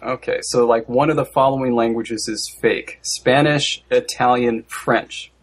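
Husky-voiced joking podcast host. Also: male voice, medium pitch, fairly even intonation, measured pace. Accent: General American. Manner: joking, flustered, stammering restarts. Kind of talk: comedic podcast banter.

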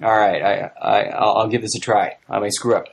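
A man's voice: fairly low pitch, fairly even intonation, fairly quick, vocal fry, a little hiss or hum. A man hosting a comedy podcast about language, joking playfully and laughing often. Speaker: podcast host. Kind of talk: playful comic chat.

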